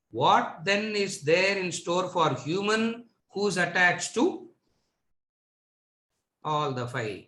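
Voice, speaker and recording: A man's voice: on the high side, fairly bright tone. A man teaching a spiritual lecture to a seated audience, asking rhetorical questions and repeating words for emphasis. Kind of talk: lecture on scripture. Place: lecture room with live audience. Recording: echoey room.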